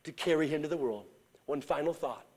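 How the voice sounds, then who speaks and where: A man preaching as a traveling evangelist, telling a story and acting out the voices in it, swinging from shouts to hushed whispers. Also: a little high, a little fast. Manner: acts out quoted voices in storytelling. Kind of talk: sermon.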